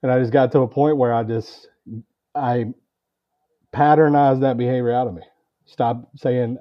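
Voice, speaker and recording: A man who used to teach, now in sales, tells a personal story as a podcast guest in casual, lively talk, acting out the dialogue and swearing freely. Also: mid-range voice, normal speed, long pauses, lo-fi sound. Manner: animated, acts out quoted dialogue, swears freely.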